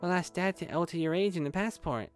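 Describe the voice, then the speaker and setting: A man voicing a scared little girl, a chattering younger sister, in a high, pleading, childlike voice while reading a game aloud. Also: fairly quick, soft background music, lightly acted.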